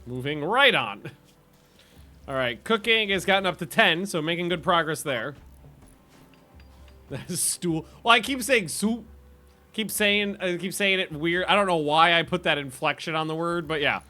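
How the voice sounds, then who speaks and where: A man's voice: fairly high pitch, lively intonation, unhurried, sharp tone, soft background music. Chatty man streaming a game. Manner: chatty, rambling, laughs often, self-interrupting. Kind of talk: casual gameplay commentary chatting with viewers.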